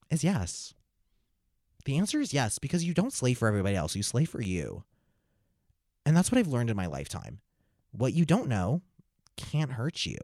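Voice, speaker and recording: A young man telling a comic story in a camp, dramatic way, with slow, deliberate delivery. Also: fairly low pitch, darkish tone, dry recording, studio quality. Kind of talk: comic monologue.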